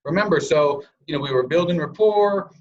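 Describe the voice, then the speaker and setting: A man's voice: a little high, brisk, muffled recording. A man giving a sales training presentation over a call, coaching listeners and acting out example scripts in different tones.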